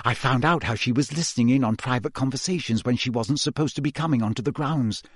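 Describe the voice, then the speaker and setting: A clever teenage schoolgirl, raised in pitch and full of eager triumph, as a male storyteller puts her on. She rushes through her explanations with quick excitement. The sound is dry and close. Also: dry recording. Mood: rushed.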